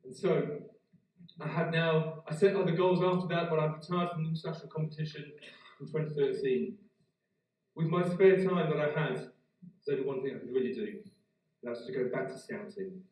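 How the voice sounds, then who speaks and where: A middle-aged man speaks as a motivational speaker at a graduation. His high voice tells a lively personal story and then gives earnest advice. He sounds set back from the mic, in a big, strongly echoing hall. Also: normal speed, recorded from a distance. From Britain. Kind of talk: keynote speech at a graduation.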